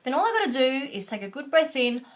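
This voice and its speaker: A woman's voice: high-pitched, big pitch swings, fast talker. A woman vocal coach teaching a singing lesson, patient and instructive, often checking in with "okay?".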